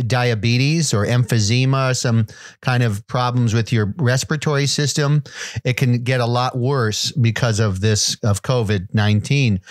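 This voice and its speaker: A man co-hosting a comedy podcast, talking in a deadpan, mock-authoritative way. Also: mid-range voice, dry recording. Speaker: podcast co-host. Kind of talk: comedic casual chat.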